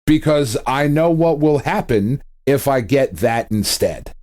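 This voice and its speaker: Animated, swearing podcast host, a man. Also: medium pitch, unhurried. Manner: animated, swears a lot, laughs often, acts out quotes. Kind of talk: casual chat.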